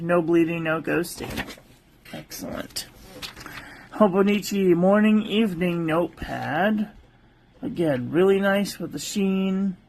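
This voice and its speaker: A fairly high-pitched man talks at an unhurried pace, ticking off stationery qualities in brief fragments. His delivery is casual and conversational, with friendly asides to live viewers as he goes. A soft hum of room ambience sits underneath. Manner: unhurried, itemizing paper traits in short clipped phrases. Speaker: stationery reviewer. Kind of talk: casual livestream product review.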